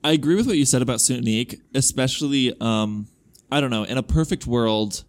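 Podcast co-host, male, reads fan email in an even voice, dry asides. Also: medium pitch, brisk. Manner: casual, wry asides. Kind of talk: reading listener emails aloud.

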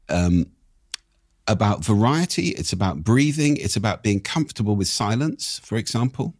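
An older man with a croaky voice, coaching on speaking in a casual, animated conversation. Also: moderate pace, no room sound, studio quality. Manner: animated, swoops up and down in pitch.

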